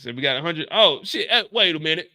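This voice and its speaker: A man hosting a live reaction stream, recapping a TV show in an animated, profane, ranting way. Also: a little high, fast talker.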